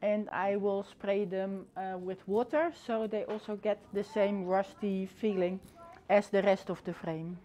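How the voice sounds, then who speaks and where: A middle-aged woman casually presenting her flower arrangement in a classroom, in a relaxed, hesitant way with many pauses. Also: mid-range voice, a little hiss or hum. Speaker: floristry student and shop owner. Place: floristry classroom.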